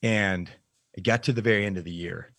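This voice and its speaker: Deep-voiced man telling a frank story. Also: pushed and bright, no room sound. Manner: frank and reflective, halting with fillers. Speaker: podcast guest, nutrition coach. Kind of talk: candid personal storytelling in an interview.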